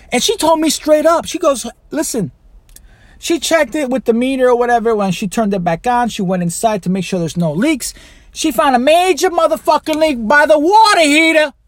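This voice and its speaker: A man with a high voice tells a rambling, profane story on his podcast, swearing freely as he goes. His pitch swings widely. The sound is dry and close, with little room around it. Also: dry recording. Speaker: podcast host. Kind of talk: casual monologue.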